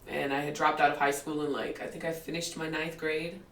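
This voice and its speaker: Animated woman storyteller, distant roomy mic. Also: sits low, brisk. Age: 40s. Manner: animated storyteller who acts out quotes and laughs often. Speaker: podcast guest. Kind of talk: casual storytelling in an interview.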